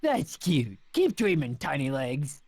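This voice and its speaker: An actor playing a cheerful, dim, cocky cartoon athlete in a video game, with a goofy, husky voice. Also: male voice, a little high, wildly swooping pitch, slow, a little mellow, heavily acted. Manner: goofy, cocky, easily distracted.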